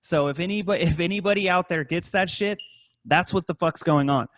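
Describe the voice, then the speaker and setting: A podcast co-host speaks a little fast in a fairly bright tone, rambling through a story in casual talk packed with profanity. He swears heavily and mimics scammers in high voices.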